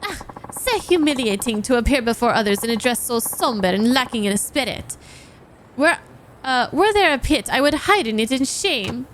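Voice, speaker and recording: A woman's voice: fairly high pitch, expressive, moderate pace, slight background noise, close to an everyday voice. A woman voicing a haughty, eccentric female pop superstar who speaks in grand, broken faux-French phrasing while reading game dialogue aloud. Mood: grandiose.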